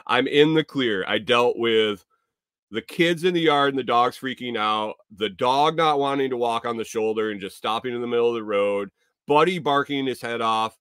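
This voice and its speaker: A man hosting a podcast, telling a casual, rambling story full of profanity that now and then rises to loud exclamations. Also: mid-range voice, normal speed, smooth, dry recording, studio quality. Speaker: podcast host.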